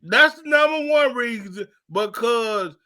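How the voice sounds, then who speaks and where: A man with a strikingly high, very bright voice co-hosts a casual podcast. He argues emphatically and stacks repeated words to make a point. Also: expressive, unhurried. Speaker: podcast co-host.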